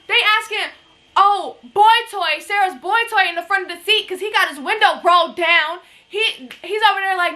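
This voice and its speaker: A woman with a high, bright voice tells a tense story from her own life, straight to camera at home. She talks loose and slangy, swears freely, and jumps into the voices of the people in the story. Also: moderate pace. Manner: animated, slangy, swears freely, acts out quotes. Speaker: vlogger telling a story. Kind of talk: casual storytime. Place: indoors at home near a window.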